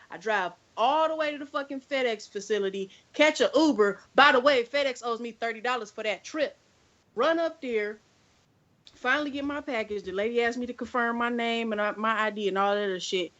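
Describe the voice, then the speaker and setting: A woman's voice: a little high, a little fast, a bit bright, highs cut off. Exasperated woman telling a profane rant. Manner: profane, exasperated, acts out both sides of phone calls. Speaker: podcast co-host. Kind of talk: casual storytelling rant.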